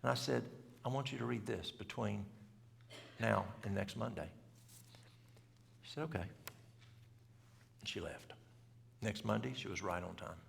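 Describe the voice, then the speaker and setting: A man's voice: lowish voice, measured pace, long pauses, a bit bright, slight background noise. A middle-aged man, telling a story to a church audience in plain, folksy country talk. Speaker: health seminar speaker. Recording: gravelly voice in a reverberant church hall.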